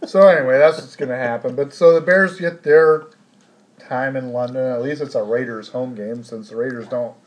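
A man's voice: mid-range voice, steady tone, normal speed. A man co-hosting a sports podcast, chatting casually and ranting with plenty of swearing. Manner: profane, ranting, sarcastic. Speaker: podcast co-host.

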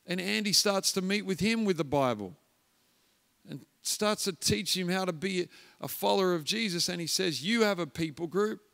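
A man's voice: high-pitched, moderate pace, gravelly. Man, guest preacher, storytelling sermon, acts out voices, echoing church hall. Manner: animated storyteller acting out voices.

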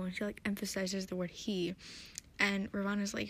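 A woman's voice: mid-range voice, flat delivery, normal speed. A tired woman hosting a podcast, recapping an episode in a rambling, hesitant, self-deprecating way. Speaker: podcast host.

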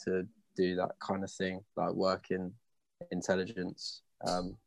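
A young man in a band, chatting casually in an interview, rambling and trailing off softly at the ends of thoughts. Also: low-pitched, completely flat delivery, measured pace, creaky, a little hiss or hum. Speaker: band member.

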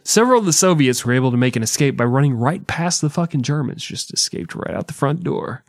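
A man's voice: mid-range voice, expressive, fast, no room sound, studio quality. A man co-hosting a history podcast, retelling events in a casual, profane, joking way. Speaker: podcast co-host.

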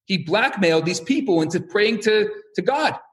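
A man's voice: high-pitched, moderate pace. A man giving a talk, telling stories and acting out the voices of the people in them. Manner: animated, acts out quoted voices. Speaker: lecturer. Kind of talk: storytelling talk.

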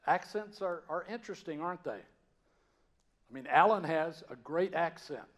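A man from the Georgia mountains, raised with a Southern accent, preaching a sermon in a conversational, storytelling way that swings from loud to hushed. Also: fairly high pitch, animated, unhurried. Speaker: pastor.

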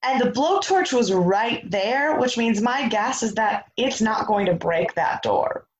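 A woman co-hosting a podcast, casually recapping a TV episode with quick asides. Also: on the high side, expressive, a little hiss or hum, low-quality recording. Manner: chatty, quick asides, acts out quotes. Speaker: podcast co-host.

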